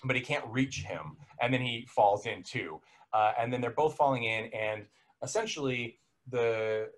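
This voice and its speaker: A young man recapping a film in a casual podcast chat, rambling and self-correcting, laughing now and then. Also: medium pitch.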